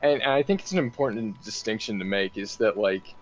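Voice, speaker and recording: A man's voice: lowish voice, fairly quick. A man chatting casually during a gaming stream, slightly nasal, swearing freely and full of "like" fillers. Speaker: streamer and co-host. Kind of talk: casual chat while gaming. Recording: faint game music behind.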